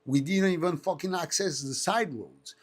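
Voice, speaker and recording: A man's voice: on the high side, moderate pace. A man in his thirties with a French accent, hosting a casual live stream and telling stories with lots of swearing and engine-noise imitations. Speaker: host.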